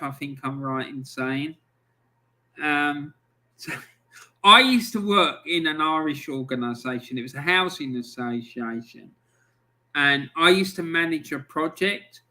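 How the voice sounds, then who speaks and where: A man hosting a live football stream in a relaxed, unhurried way. His voice sits slightly high and sounds bright and forward. He rambles through blunt stories and swears freely as he chats with viewers. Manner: reads out and answers viewer comments. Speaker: football livestream host. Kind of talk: casual livestream chat.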